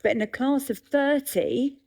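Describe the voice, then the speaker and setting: A woman in her fifties, a comedian and author in a live festival conversation, telling self-mocking stories with lively energy. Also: high-pitched, a little slow, creaky. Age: 50s.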